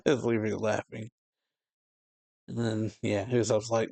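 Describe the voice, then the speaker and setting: A man's voice: on the low side, takes it slowly, vocal fry, pauses often, darkish tone, no room sound. A man reading comic dialogue aloud in a casual, plain way, chuckling often between lines. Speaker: reaction channel host.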